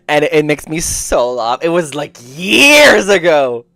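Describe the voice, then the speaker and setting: A man's voice: on the high side, sing-song, slow, creaky, bright, forceful tone, no room sound, studio quality, soft background music. A man chatting casually and profanely on a game livestream, often breaking into laughter. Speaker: game streamer.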